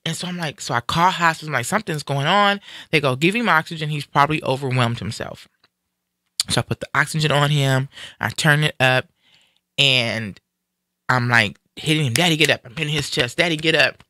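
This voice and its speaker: A man talks in a casual live-stream conversation, his voice bright, sharp and pushed forward, a little higher than most men. He retells a personal story with animation, acting out each quoted line as he goes. The sound is dry and close. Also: moderate pace, dry recording. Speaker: guest sharing a personal story.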